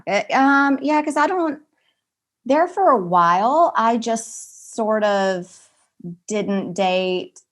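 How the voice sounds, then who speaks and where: A woman in her forties, a podcast guest chatting casually and acting out family conversations with lively energy. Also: mid-range voice. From American South. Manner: animated storyteller, acts out family dialogue loudly. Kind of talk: casual chat.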